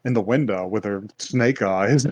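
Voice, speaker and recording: A man co-hosting a podcast, casually retelling an anime plot with lots of fillers and quick put-on quotes of the characters. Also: on the low side, darkish tone, highs cut off. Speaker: podcast co-host. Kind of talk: casual chat recapping an anime.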